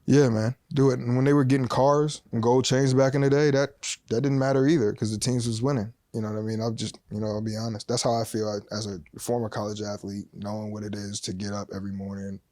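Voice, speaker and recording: A man talking casually as a podcast guest, animated and emphatic, full of slang. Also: on the low side, fast talker, hardly any pauses, no echo, studio quality.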